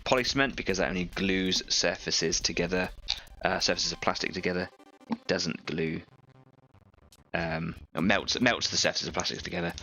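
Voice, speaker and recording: A man's voice: sits low, pushed and bright. A man hosting an online painting stream, chatting casually and explaining each step while he works on a model. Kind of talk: casual chat while working.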